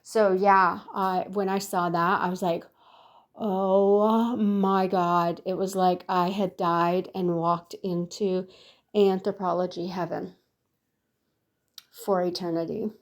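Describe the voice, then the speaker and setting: A woman's voice: on the low side, level tone, unhurried. A woman in her sixties telling a story to her viewers in a chatty, rambling, effusive way. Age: 60s. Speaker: lifestyle vlogger. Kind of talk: casual storytelling to camera.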